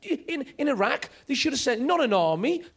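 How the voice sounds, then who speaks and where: Animated stand-up comedian. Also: male voice, very high voice, normal speed. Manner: energetic, animated storytelling.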